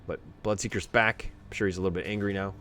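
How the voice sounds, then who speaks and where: A man giving casual replay commentary on a video game match, chatty with joking asides and rising excitement during fights. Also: low-pitched, fast talker, slight background noise. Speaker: game analyst.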